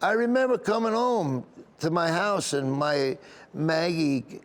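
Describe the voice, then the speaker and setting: A man's voice: fairly high pitch, takes it slowly. A comedian being interviewed, telling a story earnestly. He rambles and restarts often, and he openly gets emotional. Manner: rambling delivery with frequent restarts.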